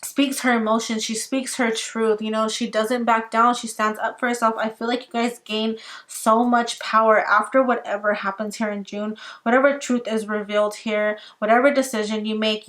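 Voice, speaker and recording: Young female tarot reader, casual chatter, higher voice, a touch worn out. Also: a bit bright. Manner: chatty, filler-heavy, addresses viewers as guys. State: tired, losing her voice.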